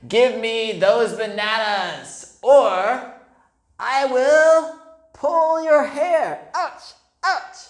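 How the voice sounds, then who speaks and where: A woman voicing a bossy, boastful monkey with a high, loud, squealing voice. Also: drawn-out words, reverberant.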